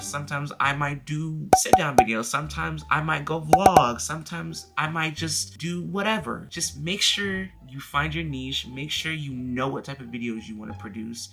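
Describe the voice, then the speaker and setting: A young man talks straight to his viewers in a relaxed sit-down vlog, handing out tips with plenty of "like" fillers. His voice is gravelly and very bright at a middling pitch. Soft music plays quietly behind him. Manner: chatty, leans on "like" fillers, direct second-person tips. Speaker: YouTuber giving channel advice. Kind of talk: casual sit-down advice vlog. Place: indoors at home, dim room.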